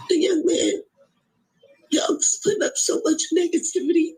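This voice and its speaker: A grieving middle-aged woman, tearful and halting, pleading in an emotional video appeal. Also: very high voice, fairly even intonation, dark tone, poor audio. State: tearful, voice breaking. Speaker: grieving mother.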